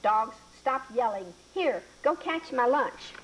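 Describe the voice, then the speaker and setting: A woman voicing a gruff, blunt old woman who scolds brusquely. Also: fairly high pitch, expressive, takes it slowly, rough recording.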